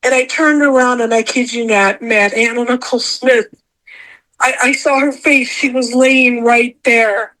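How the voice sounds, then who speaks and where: A woman's voice: a little high, steady tone, unhurried, bright, forceful tone, low-quality recording. A woman guest telling a personal story in a casual chat, emotional and rambling, often repeating herself. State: tearful at times. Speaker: podcast guest.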